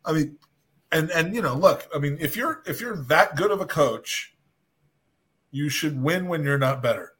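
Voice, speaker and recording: A man on a podcast, excitable and quick to interrupt, swearing freely in casual chat. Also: a little high, slightly rough.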